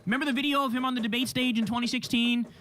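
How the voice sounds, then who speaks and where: A man hosting a political talk show, giving fast, indignant, profane commentary. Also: extremely high pitch, fairly even intonation, a bit bright.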